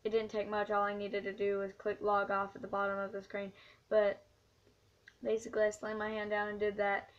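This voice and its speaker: A teenage girl tells a story for her vlog in an earnest, rambling way, full of ums and restarts. Her voice sits at a middle pitch and stays fairly flat. The recording sounds dull and lo-fi. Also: a little fast. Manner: rambling, earnest retelling with many fillers. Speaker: vlogger.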